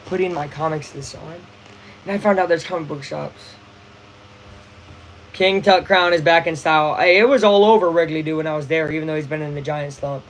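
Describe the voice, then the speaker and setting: A young man hosting a casual live baseball watch-along, chatty and excitable, full of slang. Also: fairly high pitch, normal speed, poor audio. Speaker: livestream host.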